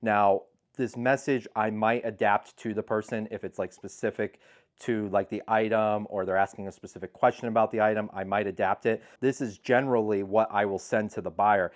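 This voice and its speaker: A man's voice: lowish voice, steady tone, moderate pace. A man hosting his channel, giving frank, matter-of-fact advice on handling buyer returns in a casual talk to the camera. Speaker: eBay seller and channel host.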